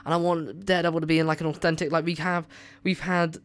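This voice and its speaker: A man hosting a movie review radio show, chatting casually and excitedly with lots of filler words. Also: a little high, fast talker, clean tone.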